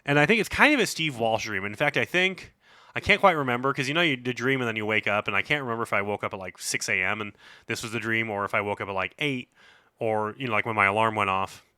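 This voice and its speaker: A man's voice: on the low side, fast talker, pushed and bright, clean tone, dry recording, studio quality. A man in his forties, a board game podcast co-host, telling a long story in casual chat, rambling with lots of fillers.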